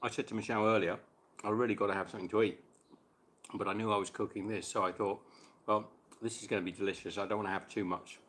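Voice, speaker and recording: A man's voice: on the low side, steady tone, fast talker, a bit bright. A man hosting a casual live stream chat while cooking, chatting between bites and answering viewers' questions.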